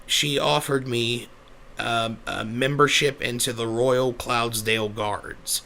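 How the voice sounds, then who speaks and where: A rough, big-hearted young pegasus stallion, played by a man rambles through his story, correcting himself and getting flustered. His voice sits on the low side, with a gravelly, tense edge. It is in-character storytelling for a fan-made pony tale. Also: bright, forceful tone, heavily acted.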